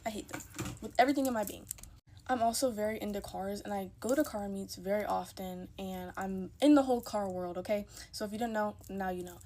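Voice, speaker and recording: A woman's voice: medium pitch, brisk, mellow. A young woman telling a casual storytime into her phone, chatty and emphatic, acting out the people in her story.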